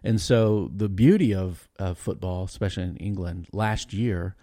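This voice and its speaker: A man talking as a podcast guest, telling stories in a rambling, animated way with lots of restarts. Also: sits low, normal speed, dry recording, clean studio sound. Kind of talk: casual storytelling chat.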